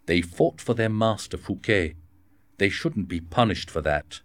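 A man's voice: deep voice, animated, a little slow, dry recording. A man reading the part of a loyal musketeer captain, speaking earnestly and plainly. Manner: earnest, plain-spoken delivery.

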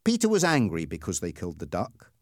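A man's voice: sits low, wildly swooping pitch, no echo, clean studio sound. A man reading a story aloud as narrator, in scripted storybook narration. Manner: slow, clearly paced reading.

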